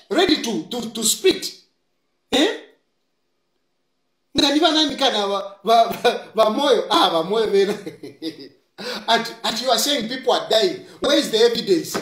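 A political commentator with a Zambian accent, delivering impassioned, scolding commentary and repeating key lines for emphasis. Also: medium pitch. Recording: roomy echo.

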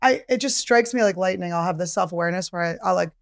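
A woman's voice: lowish voice, fast, vocal fry, no echo, clean studio sound. A woman comedian hosting her podcast, chatty and self-mocking, laughing often and swearing freely. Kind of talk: casual podcast chat.

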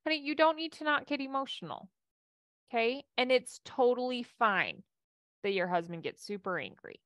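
A woman's voice: a little high, expressive, moderate pace, a bit bright, no echo, clean studio sound. A woman life coach giving a casual coaching talk and answering audience questions, with a chatty delivery full of restarts.

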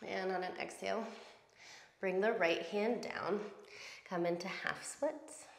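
Woman yoga teacher, mid-pitched voice, steady breath cues, roomy sound. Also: creaky. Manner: calm, slow cueing of breath and poses. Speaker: yoga instructor. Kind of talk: guided yoga class instruction.

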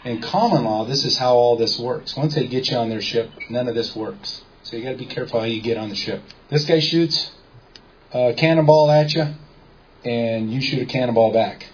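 A seminar speaker with a mid-range voice talks a little fast as he lectures casually to a few listeners. He weaves in stories, renders people's words as dialogue, and quizzes the room. The recording is lo-fi and dull, with faint background noise.

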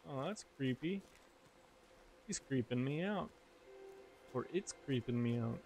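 A man's voice: medium pitch, expressive, unhurried, darkish tone. A man giving casual, jokey commentary while he plays a video game, talking to himself as he explores. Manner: chatty, jokey, talks to himself. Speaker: gamer narrating his play. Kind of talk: casual let's-play commentary. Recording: game music behind the voice. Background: game music.

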